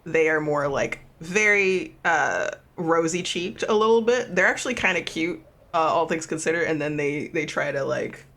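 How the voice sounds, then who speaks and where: Gravelly man narrating a tabletop game. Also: on the high side, lively intonation, normal speed, sharp tone. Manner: rambling, many fillers and restarts. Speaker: game master.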